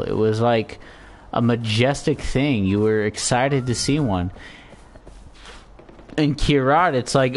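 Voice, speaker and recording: A man's voice: medium pitch, animated, normal speed. A young man giving joking let's play commentary, talking casually to his viewers. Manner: chatty, joking asides to viewers. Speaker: gaming YouTuber.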